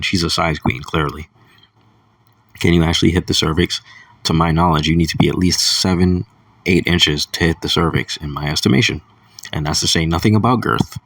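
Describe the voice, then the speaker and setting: A man's voice: a bass voice, no room sound, distant mic. A young man talking in a crude, rambling casual monologue, chuckling between thoughts. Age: young adult. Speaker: vlogger.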